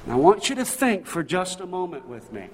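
This pastor's voice sits high, with big pitch swings, a slightly fast delivery, and a breathy edge. He preaches emphatically in a church sanctuary, piling on rhetorical questions, and the room sounds large.

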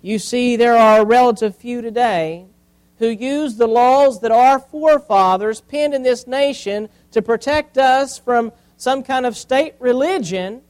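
A high-voiced man preaching from the pulpit. He hammers points with repetition and lets his voice fall to a hush for effect before rising again. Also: unhurried, clear, resonant tone, rough recording. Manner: preaching with swings from loud emphasis to quiet, repeated phrases. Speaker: pastor. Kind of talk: sermon.

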